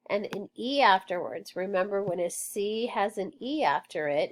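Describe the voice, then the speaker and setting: A woman's voice: medium pitch, unhurried, hardly any pauses, slight background noise. A woman teaching a phonics lesson to children, sounding out words and letters patiently and praising often.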